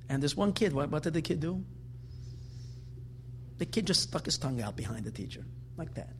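A man giving a religious lecture, telling stories with animated, emphatic delivery that builds to forceful peaks. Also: on the high side, a little hiss or hum. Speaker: Torah teacher.

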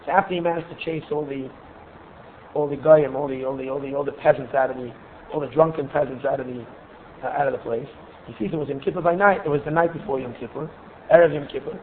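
A man giving a religious lesson full of stories, pausing and repeating words as he searches for his phrasing. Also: mid-range voice. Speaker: religious teacher. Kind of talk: Torah lesson with storytelling. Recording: tinny phone-like recording, faint hiss.

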